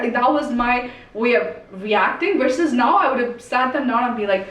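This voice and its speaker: A woman speaking as a roundtable guest in fast, casual talk full of "like" and "right?". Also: high-pitched. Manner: fast, filler-heavy, says "like" and "right?" often. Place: community event room. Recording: echoey room, distant mic, faint noise.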